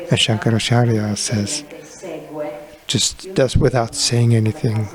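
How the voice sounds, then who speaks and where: A man interpreting a sermon into English, telling spiritual stories slowly and deliberately with pauses. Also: mid-range voice, little pitch movement, a crowd in the background. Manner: slow, deliberate storytelling with pauses. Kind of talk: sermon storytelling, translated.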